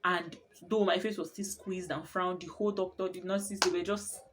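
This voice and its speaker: A young woman telling her birth story in a casual vlog, expressive and often laughing as she talks. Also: on the low side, normal speed.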